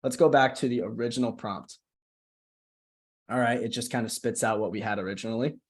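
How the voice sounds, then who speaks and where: A man coaching a group over a video call, his voice sitting at an ordinary middle pitch. He keeps things loose and chatty, tossing in "right?" again and again and restarting half-finished phrases as he walks through his screen. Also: steady tone, brisk, slightly rough. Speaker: marketing coach. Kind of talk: casual screen-share tutorial.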